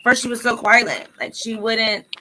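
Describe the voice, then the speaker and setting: A woman hosting a casual livestream chat, blunt and animated, sometimes trailing off into near-whispers. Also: a little high, measured pace, a little hiss or hum, rough recording. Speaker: livestream host.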